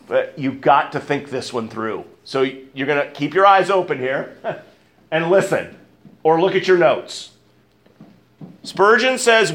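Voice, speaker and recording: A male pastor delivers an emphatic sermon in church at a moderate pace, his fairly bright voice swinging widely in pitch. He climbs on key words, sinks low, and asks the congregation questions.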